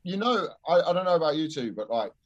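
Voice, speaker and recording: Animated comedian, swearing freely. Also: male voice, a little high, quick pace, muffled recording. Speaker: stand-up comedian guest. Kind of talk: casual podcast chat, storytelling.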